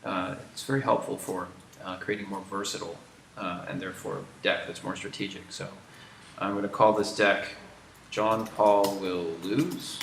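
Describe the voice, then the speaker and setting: A man's voice: deep voice, level tone, normal speed, gravelly, fairly bright tone, reverberant, slight background noise. An American man hosting a game livestream, teasing his co-host and explaining the game's features. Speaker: game developer hosting a stream. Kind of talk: casual livestream chat.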